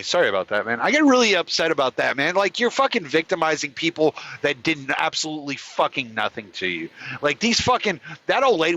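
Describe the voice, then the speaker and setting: A man's voice: a little high, pushed and bright, rough recording. A man hosting his own show, delivering an angry, profane rant. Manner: furious, profane, heated ranting. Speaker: podcast host. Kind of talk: angry ranting monologue.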